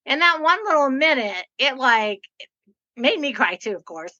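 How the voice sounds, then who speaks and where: A woman hosting a casual chat, telling stories in an animated, chatty way. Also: high voice, normal speed, muffled recording. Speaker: podcast host.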